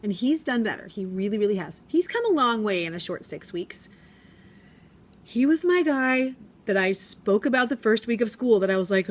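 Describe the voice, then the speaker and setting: A woman's voice: on the high side, animated, moderate pace. A young woman teacher talking to a phone camera in her classroom in a chatty, rambling way, acting out what her pupils said. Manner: chatty, rambling, acts out quotes in voices. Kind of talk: casual vlog chat. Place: school classroom.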